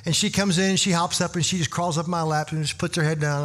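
Middle-aged male pastor, conversational sermon delivery, bright tone. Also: fairly high pitch, moderate pace. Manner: conversational storytelling, animated and emphatic.

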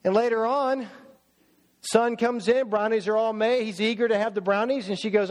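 A man preaching a sermon in a church, emphatic and full of rhetorical questions, slowing down to stress his words. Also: high voice, fairly even intonation. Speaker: pastor. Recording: long church hall reverb.

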